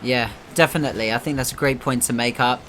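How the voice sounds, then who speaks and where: A man from the United Kingdom casting a live esports match, chatty between plays and bursting loudly at every goal. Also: medium pitch, fast talker, a little hiss or hum. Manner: excitable, jumps up loudly at goals, chatty asides. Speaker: esports caster. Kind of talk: live play-by-play commentary.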